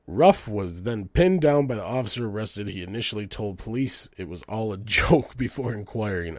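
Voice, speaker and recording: A man hosting a show, ranting in a profane comedic way and swinging between loud outbursts and low mutters. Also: lively intonation, normal speed, hardly any pauses, dry recording, clean studio sound. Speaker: podcast host.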